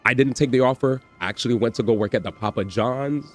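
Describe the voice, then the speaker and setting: A man hosting a livestream, telling a story in an animated, slangy way with swearing and repetition. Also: medium pitch, fast, faint music behind. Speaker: livestream host. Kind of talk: casual storytelling on stream.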